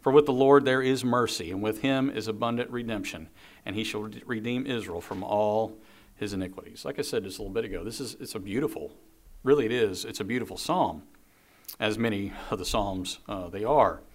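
A man's voice: lowish voice, a little fast. A man preaching a sermon, reading scripture aloud and earnestly repeating key phrases. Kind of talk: sermon on a psalm.

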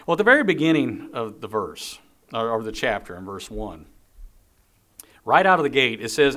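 A man's voice: medium pitch, sing-song, normal speed, pauses often, bright, forceful tone. A man preaching a sermon, reading scripture aloud and earnestly repeating key phrases. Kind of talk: sermon on a psalm.

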